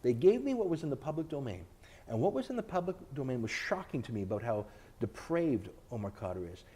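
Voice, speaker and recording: A man's voice: medium pitch, very animated, fairly quick, mellow. A man being interviewed as an author and TV host, arguing his points in an emphatic, combative way during a sit-down interview. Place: indoors, filmed interview.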